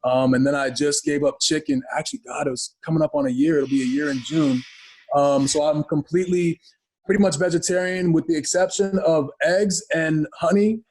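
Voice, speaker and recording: A man from Ghana, a podcast guest, telling stories in a lively, chatty way and acting out other people's voices. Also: a little high, fairly quick. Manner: lively storyteller who acts out voices. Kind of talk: casual interview chat.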